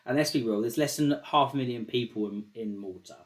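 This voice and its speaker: A man's voice: medium pitch, fairly quick. A man hosting a casual call-in show, talking loosely and swearing often, with a habit of repeating himself. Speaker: show host.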